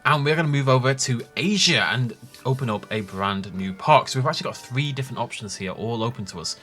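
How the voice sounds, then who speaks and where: A man's voice: medium pitch, animated, brisk, a bit bright, soft background music. A man giving enthusiastic, jokey commentary on his own gameplay as a gaming video host. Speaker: gaming YouTuber.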